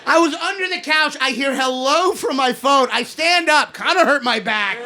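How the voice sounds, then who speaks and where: A man in his thirties from Kentucky doing an animated, sarcastic stand-up set on a comedy club stage, swinging between loud rants and mutters. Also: extremely high pitch. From Kentucky, USA. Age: 30s. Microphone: handheld stage mic. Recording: live club recording with audience noise. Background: audience laughter.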